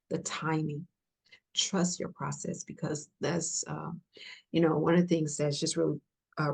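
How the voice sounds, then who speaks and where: A woman's voice: deep voice, creaky, slightly rough. A woman guest on a podcast, speaking earnestly and emotionally, repeating herself and dropping into near-whispers as she encourages listeners. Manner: earnest, repetitive, softly emotional, drops to whispers. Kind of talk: heartfelt conversational encouragement.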